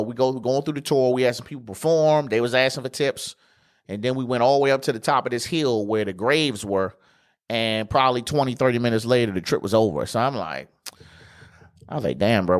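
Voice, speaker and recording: A man hosting a podcast, telling a travel story in a loose, slangy, profane way with plenty of fillers. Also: medium pitch. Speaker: podcast host. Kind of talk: casual storytelling.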